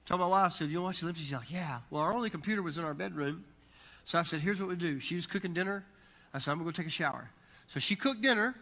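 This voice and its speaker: Middle-aged pastor preaching, bright ringing voice, lots of hall echo, gets loud and punchy. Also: male voice, fairly high pitch, very fast. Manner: emphatic, builds to loud preaching peaks. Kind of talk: sermon with storytelling. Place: church sanctuary. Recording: long church hall reverb.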